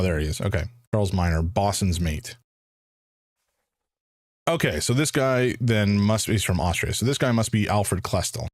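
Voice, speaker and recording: A man with a lowish, lively voice talks through a game live, hesitant and thinking aloud. The sound is dry and close, with faint music underneath. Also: no echo. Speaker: streamer.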